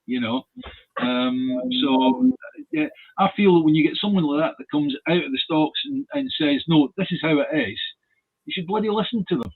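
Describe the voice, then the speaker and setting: A man's voice: fairly high pitch, husky. A man hosting a casual political discussion. He speaks hesitantly, with many restarts. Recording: tinny phone-like line.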